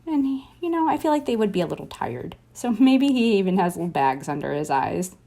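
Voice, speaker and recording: Her voice is lowish, fairly fast, and touched with vocal fry as she teaches a casual doodling tutorial. She chats through each pencil stroke, thinks aloud while sketching, and encourages steadily.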